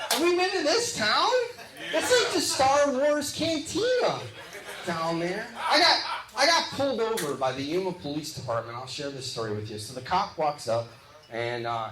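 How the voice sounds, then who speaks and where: A man from the Midwest doing live stand-up comedy, joking back and forth with audience members in quick, punchy bits. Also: sits high. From Midwest of the United States. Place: live comedy show venue. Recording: echoey live venue with loud crowd noise. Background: audience laughter and applause.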